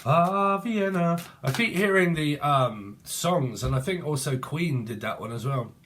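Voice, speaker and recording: A man's voice: mid-range voice, lively intonation, moderate pace, a bit bright, a little hiss or hum. A man, giving a rambling, casual tarot reading and free-associating while swearing freely. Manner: free-associating, swears, breaks into song snatches. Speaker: tarot reader.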